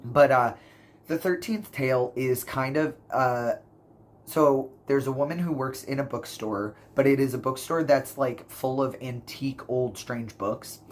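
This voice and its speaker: A man's voice: medium pitch, a little slow. A man rambling casually through book reviews for his channel, full of fillers and self-corrections, gushing about what he loved. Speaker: book vlogger.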